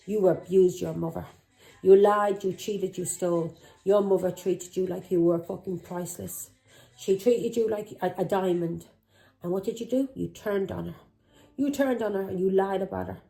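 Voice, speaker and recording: A middle-aged woman, running a tarot reading vlog. Her tone is mellow and dark, but her delivery is furious and accusing, full of swearing and taunting questions. Faint music plays behind her. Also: medium pitch, creaky, rough recording. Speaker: tarot reader.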